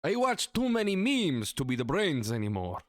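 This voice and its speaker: A man's voice: fairly high pitch, huge pitch swings, normal speed, no room sound, clean studio sound. A man co-hosting a comedy podcast, speaking in a stiff, formal mock-vampire manner. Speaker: podcast co-host.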